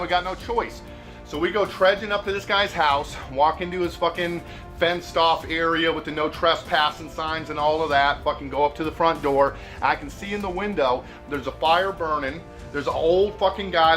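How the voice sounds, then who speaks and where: A man's voice: fairly high pitch, a bit bright. A man from Seattle telling a story casually, laid-back and cussing a lot, chuckling as he goes. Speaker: host.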